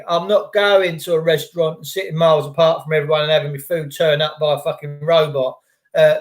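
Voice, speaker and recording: Middle-aged english bloke on a live stream, sweary, blunt, fairly high voice. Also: male voice, fairly bright tone. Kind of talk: casual live-stream rant.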